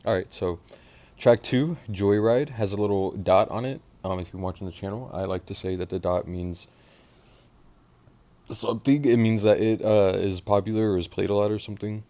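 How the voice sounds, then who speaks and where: A very low, gravelly male voice with lots of fry talks through a new album track by track. He is from Oklahoma, swears freely, and jumps between quiet mumbling asides and sudden loud excited outbursts. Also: normal speed, dry recording. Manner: animated, profane, swings from mumbling to loud outbursts. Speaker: music reaction host. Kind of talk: casual album reaction.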